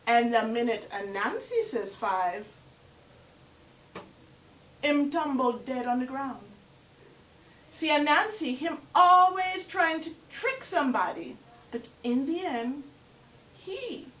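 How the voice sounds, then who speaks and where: A woman telling a folktale in a lively way, inviting listeners to count along. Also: high-pitched, slow, pauses often. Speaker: storyteller. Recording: roomy echo from far off.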